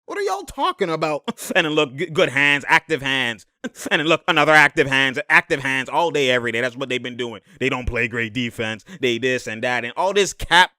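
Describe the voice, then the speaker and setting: A man giving a slangy, excited breakdown of basketball game film, laughing often and repeating himself. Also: medium pitch, fairly quick, no room sound, studio quality.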